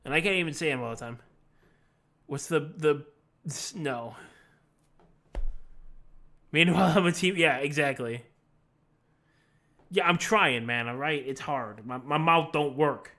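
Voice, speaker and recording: A man's voice: fairly high pitch, a little slow, long pauses, pushed and bright. A man chatting casually on a live stream, rambling and laughing often as he answers questions from chat while he plays.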